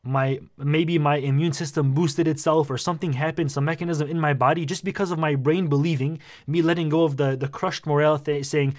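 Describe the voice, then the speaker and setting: Animated young man telling a story. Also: on the high side, fairly quick, hardly any pauses. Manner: animated, slangy, says "bro" a lot. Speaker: vlogger. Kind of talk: casual storytelling.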